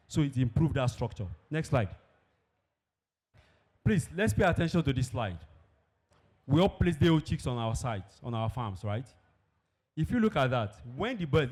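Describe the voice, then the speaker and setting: A man's voice: medium pitch, a little mellow. Man, conference presenter, emphatic, rhetorical questions, event hall. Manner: emphatic, asks and answers his own questions.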